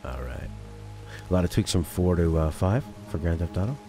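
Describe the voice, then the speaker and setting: Low-voiced man streaming a game. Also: animated, normal speed. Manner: chatty, thinks aloud, trails off and restarts. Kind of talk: casual gameplay commentary. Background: loud game music.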